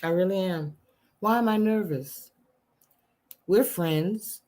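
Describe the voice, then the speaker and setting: A woman hosting her own channel, singing slow jazz ballads a cappella at home and chatting to viewers between songs. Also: fairly low pitch, mellow. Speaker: channel host and singer. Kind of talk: a cappella singing with casual chat.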